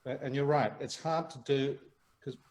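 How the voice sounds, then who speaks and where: A man's voice: medium pitch, steady tone, moderate pace, darkish tone, poor audio. A man with a New Zealand accent, telling a rambling anecdote as a talk-show guest over a video call and laughing as he goes. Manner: rambling storyteller, laughs often, many restarts. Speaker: guest actor.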